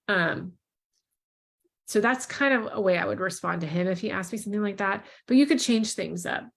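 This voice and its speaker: A woman, a mother and parenting creator, giving casual advice in a calm, reassuring way and modeling gentle phrases to say to children, with frequent ums. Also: medium pitch, moderate pace, gravelly. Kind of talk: casual advice talk with role-played parent lines.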